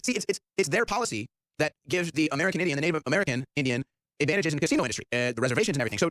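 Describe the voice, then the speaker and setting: Rapid-fire sarcastic male show host. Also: high voice, dry recording. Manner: excited, sarcastic, acts out quotes. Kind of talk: talk-show commentary.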